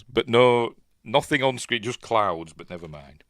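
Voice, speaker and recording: A man's voice: mid-range voice, animated, measured pace, background noise. A man with a Yorkshire accent casually commentating on an old film as he watches, rambling and chatty with lots of fillers. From Yorkshire, England. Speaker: film review host.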